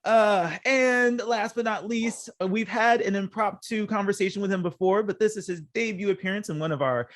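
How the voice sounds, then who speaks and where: A man's voice: sits high, moderate pace, few pauses, a bit bright. A man hosting a casual chat over a call, upbeat and chatty, laughing easily. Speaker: podcast host.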